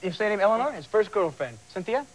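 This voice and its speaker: Lively high-pitched game show host man. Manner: lively, teasing, quick banter with contestants. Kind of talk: television game show hosting. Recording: old broadcast tape with loud audience and noise. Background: loud studio audience.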